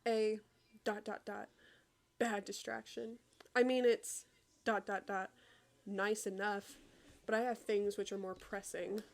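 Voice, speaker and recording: An aloof, irritable teenage boy wizard who brushes everyone off, read aloud by a woman. The delivery is flat and plain, with no accent put on, and sounds more like someone reading from a screen than acting. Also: mid-range voice, takes it slowly, long pauses. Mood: dismissive. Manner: sighing, dismissive, read aloud from a chat.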